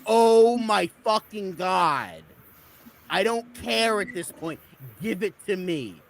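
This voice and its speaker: A man's voice: sits high, takes it slowly, creaky, slight background noise. A man on a live movie review stream, ranting with constant swearing and mock fury in a put-on Brooklyn Italian accent. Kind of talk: profane comedic rant.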